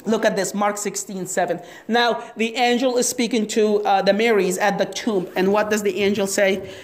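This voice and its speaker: A woman preaching a sermon, asking the audience questions and acting out the story. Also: sits high. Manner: animated, asks the audience questions.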